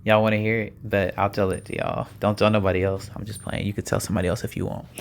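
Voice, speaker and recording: A man's voice: fairly low pitch, flat delivery, quick pace, creaky. A man hosting his own podcast in a casual, playful way, talking straight to his listeners with jokey asides. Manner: jokey asides with laughs and sighs. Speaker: podcast host. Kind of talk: casual solo podcast chat.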